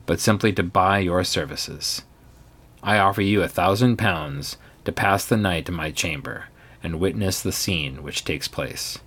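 A man voicing a pale, doomed male stranger in a Victorian ghost story reading, speaking in a low, hollow murmur close to a whisper. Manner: quiet, measured, ominous.

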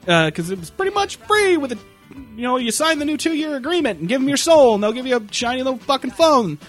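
A young man ranting in a casual comedic way, swearing a lot and acting out shouted impressions. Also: extremely high pitch, fast, soft background music. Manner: profane, animated, yells impressions of people.

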